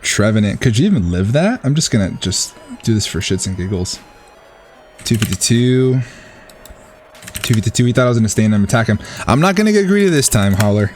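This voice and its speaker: A man's voice: lowish voice, a little fast, soft background music. A man casually commentating his own competitive match, thinking aloud and cheering his plays. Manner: excitable, thinks aloud, talks to the opponent.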